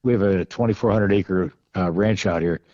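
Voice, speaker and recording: A man's voice: low-pitched, moderate pace, a little mellow, no echo, lo-fi sound. A man guesting on a podcast, telling rambling, wry stories about film work with many restarts. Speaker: podcast guest, film costume and gun expert. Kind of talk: casual anecdotal storytelling.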